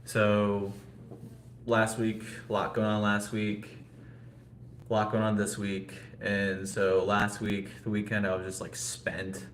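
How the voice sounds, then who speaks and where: A man talks loosely to his live viewers, rambling and filling gaps with little asides. His voice sits a bit low and carries no regional accent. The room is echoey, with a faint hum of ambient noise behind him. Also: completely flat delivery, takes it slowly. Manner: rambling, talks to chat viewers, frequent fillers. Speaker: vlogger. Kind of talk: casual live-stream chat.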